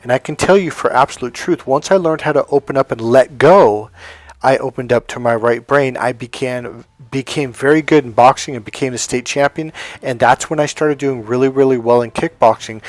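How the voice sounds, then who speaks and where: A dating coach, a man of middle pitch, lectures his listeners in a blunt, emphatic way and swears without hesitation. His voice is recorded dry and close, with faint music underneath. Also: dry recording. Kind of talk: motivational monologue to camera.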